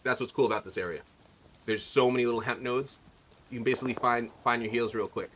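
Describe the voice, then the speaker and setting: A man streams gameplay and talks fast in a mid-range, fairly bright voice with fairly even intonation. He rambles chattily, asks viewers for their opinions, and there's slight background noise.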